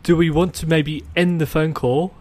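A man's voice: fairly high pitch, fairly even intonation, moderate pace, darkish tone. A man on a podcast call, explaining things in a matter-of-fact way in casual chat. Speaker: podcast co-host.

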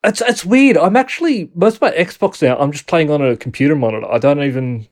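A man's voice: fairly high pitch, animated, brisk, darkish tone. A man co-hosting a casual podcast over a video call, talking in an easygoing, chatty way. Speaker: podcast co-host. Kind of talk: casual chat.

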